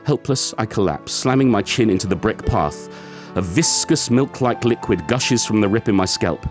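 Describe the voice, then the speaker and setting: A man's voice: lowish voice, animated, moderate pace, over music, natural voice. A man reading as a wounded shape-shifting being. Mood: pained, dazed. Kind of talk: dramatic book excerpt reading.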